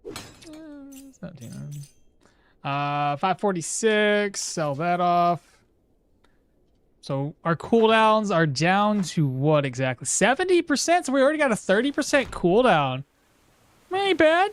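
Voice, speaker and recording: A game streamer chatting casually with viewers while playing, animated and talkative, breaking off to coo at a pet at home. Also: mid-range voice, measured pace. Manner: animated, chatty, talks to chat and coos at a pet.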